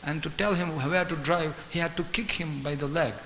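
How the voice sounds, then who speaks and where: Animated man preaching in an echoey hall. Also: fairly high pitch, moderate pace. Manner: animated storytelling, acts out dialogue, chants Sanskrit verses. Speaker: guest speaker at a temple class. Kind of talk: sermon. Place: temple hall. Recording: echoey temple hall with faint hiss.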